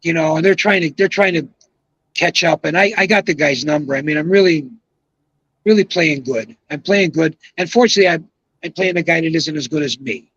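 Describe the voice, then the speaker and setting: An older man in his seventies with a fairly high voice rambles through a long anecdote and leans hard on his emphatic asides. The sound is dry and close, with a dull, lo-fi edge. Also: fairly quick, fairly bright tone, dry recording. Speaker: guest, retired pro bowler. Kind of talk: casual storytelling on a podcast.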